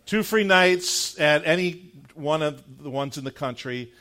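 A middle-aged male pastor preaching a sermon, telling a personal story in an animated, conversational way before leading into prayer. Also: on the high side. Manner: earnest, measured prayer closing the sermon.

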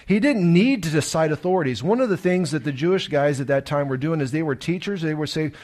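A man's voice: on the high side, expressive, a little fast, a little mellow. A male pastor, preaching a sermon earnestly and emphatically, with restarts and rhetorical questions.

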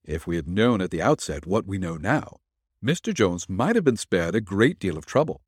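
A man reading a calm, assured detective. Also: sits low, husky, no echo, studio quality, exaggerated voice. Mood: measured. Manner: measured, explaining.

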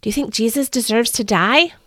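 Woman voicing a hushed, fearful storybook councilman, dry close sound. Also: fairly high pitch, brisk, no echo, natural voice. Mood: worried. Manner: hushed, worried. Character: anxious male council member, confiding.

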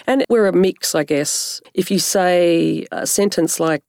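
A woman, a slightly hoarse narrator and speech pathologist, explaining in a measured coaching way during an interview. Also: lowish voice, darkish tone, dry recording, studio quality. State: slightly hoarse from a recent cough. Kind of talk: conversational interview.

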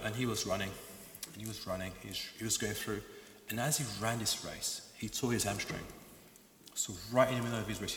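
A male preacher delivers a passionate sermon, piling up emphatic repeated phrases. His voice is bright and forceful. The sound rings around a large hall with a long, roomy reverb. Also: on the low side, a little hiss or hum.

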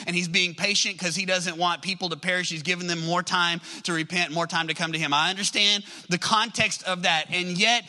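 A man's voice: high-pitched, fairly even intonation, brisk, hardly any pauses, sharp tone, poor audio. A man preaching a sermon in a conversational way, asking the congregation questions and acting out prayers. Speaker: pastor.

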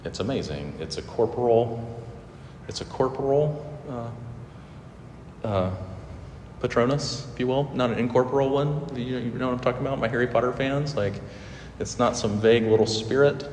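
A man's voice: mid-range voice, normal speed, darkish tone, slight background noise. A man preaching a sermon in a loose, conversational way, with asides and light humor. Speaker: pastor. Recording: echoey hall with long reverb.

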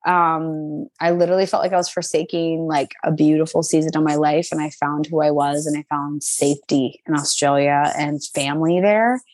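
A woman in her twenties telling a personal story in a casual, animated, chatty way, full of fillers. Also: low-pitched, moderate pace, hardly any pauses, no room sound.

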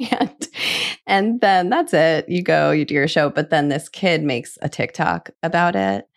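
Woman podcast host, very low voice, dry close sound, chatty scenario-spinning, filler-heavy. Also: expressive, a little slow, gravelly, dry recording. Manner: spins vivid hypothetical scenarios, heavy on "like". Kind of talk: casual chat.

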